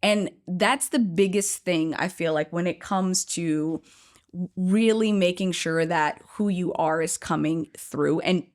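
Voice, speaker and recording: A woman guest telling a workshop story in a lively, conversational way, often acting out what people said. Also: fairly low pitch, takes it slowly. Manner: animated, acts out quoted voices.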